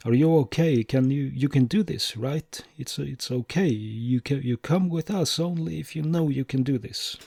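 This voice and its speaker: A man voicing a caring male soldier with a French accent, gently reassuring a frightened comrade in an audiobook. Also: mid-range voice, normal speed, creaky, few pauses, slightly rough, no room sound. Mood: concerned. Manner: gentle, reassuring, repeating himself. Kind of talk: audiobook dialogue.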